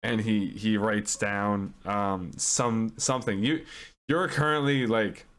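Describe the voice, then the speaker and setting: Low-voiced rambling game master man. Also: fairly even intonation, slow, a bit bright. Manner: rambling, hesitant. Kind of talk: narrating a tabletop game.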